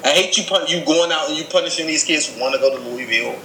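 Bright-voiced male podcast co-host, echoey room. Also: fairly high pitch, fast, a little hiss or hum. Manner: insistent, repetitive arguing. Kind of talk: casual sports debate.

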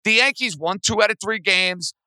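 A man's voice: high voice, moderate pace, pushed and bright, smooth, no echo, low-quality recording. A man hosting a sports talk show, ranting angrily with sarcasm at his team's owners. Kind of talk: sports talk podcast rant.

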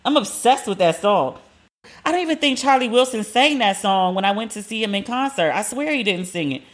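A woman's voice: medium pitch, animated, brisk. A woman in her forties hosting a casual solo podcast, talking animatedly and acting out what people said in different voices. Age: 40s. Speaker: podcast host.

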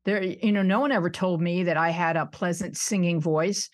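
This sixty-something interviewee hails from the Buffalo suburbs in upstate New York and keeps the podcast conversation casual, self-deprecating, and full of laughter. She speaks at a moderate pace with a fairly low pitch and fairly even intonation.

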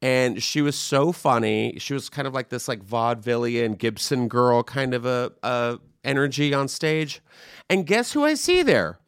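A man hosting a podcast, telling a chatty, animated story in casual conversation. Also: medium pitch, measured pace, clear, resonant tone, no echo, clean studio sound. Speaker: podcast host. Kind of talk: casual chat.

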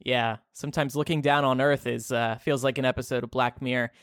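A man's voice: medium pitch, fairly even intonation, fairly quick, fairly bright tone, dry recording, close to an everyday voice. A man playing Jesus as a giggly, teasing co-host in comedy podcast banter. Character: Jesus, God's playful son and co-host.

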